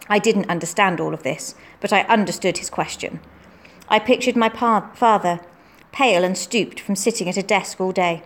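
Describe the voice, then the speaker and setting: A woman's voice: medium pitch, normal speed. Woman reading a story aloud. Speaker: narrator. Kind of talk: storybook narration.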